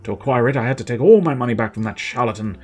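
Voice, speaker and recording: A man's voice: medium pitch, animated, rapid-fire, a little mellow, soft background music, close to an everyday voice. A man voicing a fed-up former town clerk in a video game, with a put-on Irish accent and a chatty, exasperated way of talking. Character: fed-up male former town clerk fleeing his life.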